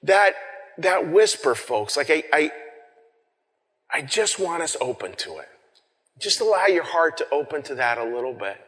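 A man preaching a sermon in a large hall, his voice pitched a little above most men's and trailing off in a long reverb. He talks in a loose, conversational way, repeating and restarting words. He swings from near-shouts to hushed whispers for effect. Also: sing-song, normal speed, pauses often.

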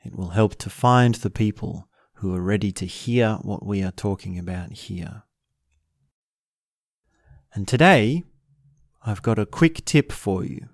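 In a self-help video, the male host meanders playfully through a practical tip, breaking into laughs along the way. He speaks expressively and unhurriedly in a lowish voice with long pauses, and the studio-quality recording has no room sound.

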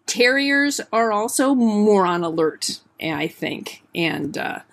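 A woman dog trainer in casual conversation, speaking in a measured, thoughtful way. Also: medium pitch, expressive, vocal fry.

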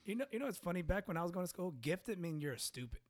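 A man with a fairly high, animated voice that swings widely in pitch. He co-hosts a casual podcast, rambling with fillers, swearing and laughing often. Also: fast talker. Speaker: podcast co-host. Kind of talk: casual chat.

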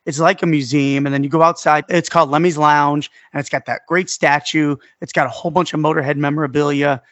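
Male podcast host, slightly high voice, eager storyteller, dry close mic. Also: steady tone, quick pace, a bit bright, dry recording. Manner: enthusiastic, crude humor, recounts events. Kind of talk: casual chat.

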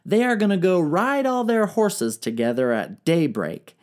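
A woman's voice: fairly low pitch, sing-song, measured pace, a little mellow. A woman retelling ancient history in a comedic, irreverent style, full of slang, swearing and jokes. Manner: irreverent, profane, slangy, jokey.

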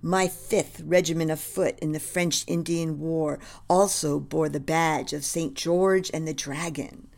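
Brief: a proud, formal British officer from a storybook, voiced by a woman with a low, gravelly tone. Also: steady tone, unhurried, few pauses, a little mellow. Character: proud British general, formal and romantic, man.

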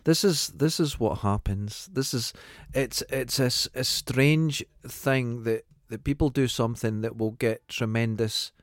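A man's voice: mid-range voice, unhurried, hardly any pauses, no room sound. A Scottish man co-hosting a podcast in casual chat, dropping wry asides. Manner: dry, wry asides, laughs along. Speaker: podcast co-host.

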